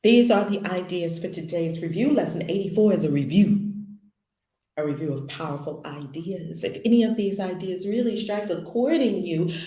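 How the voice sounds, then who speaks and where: A woman spiritual teacher leading a daily lesson, repeating affirmations with slow emphasis on each word. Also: on the low side, animated, dark tone, echoey room.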